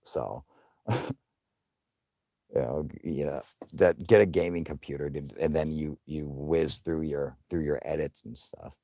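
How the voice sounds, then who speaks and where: A man's voice: a bass voice, a little slow, long pauses, a little mellow, dry recording, studio quality. A man hosting a live stream, chatting casually with viewers in a profane, rambling way and laughing often.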